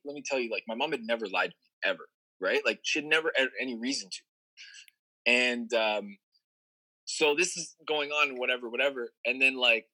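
A man recounts a story from his past in easygoing conversation. His voice is very bright and cutting, and he wanders through fillers, restarts and casual profanity as he goes. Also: medium pitch, rough recording. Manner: rambling, profane, lots of fillers.

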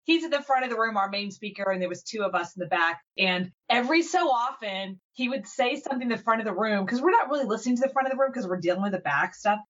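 A woman podcast host with a slightly high voice tells stories in a lively, animated way. She acts out the quotes as she goes. The recording sounds dull and lo-fi. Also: quick pace, hardly any pauses. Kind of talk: casual interview chat.

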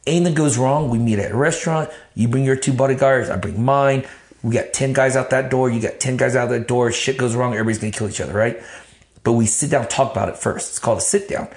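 A man telling his life story in an interview, blunt and animated, swearing freely. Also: medium pitch, quick pace. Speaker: interview guest. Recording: roomy echo.

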